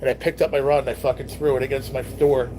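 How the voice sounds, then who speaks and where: A man's voice: mid-range voice, little pitch movement, fast talker, dark tone, slight background noise. A young man hosting a casual live stream at home, reading viewer comments and chatting in a laid-back, teasing way with plenty of swearing.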